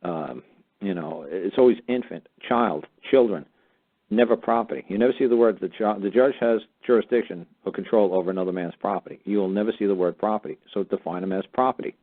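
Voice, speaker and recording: Fast-talking man with a husky low voice on a phone line. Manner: blunt, profane, excitable storytelling. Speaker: talk show host. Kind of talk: heated casual talk on a call-in show.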